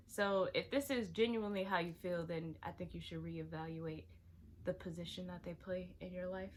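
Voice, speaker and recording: Here a young woman vlogger chats through viewer confessions, getting animated and exclaiming, sometimes bursting out loudly and sometimes dropping into quiet asides. Her pitch is medium, and there's a little hiss or hum on the recording.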